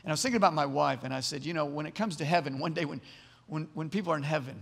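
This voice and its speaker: A man's voice: on the high side, racing, creaky, a bit bright, in a large hall. A man preaching a sermon as pastor, earnest, often repeating words as he builds to emphatic points. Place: church sanctuary.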